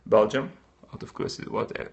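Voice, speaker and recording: A man from Slovakia with a Slovak-Hungarian accent, chatting casually and answering viewer comments during a live coffee-brewing stream. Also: quick pace. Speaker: livestream host.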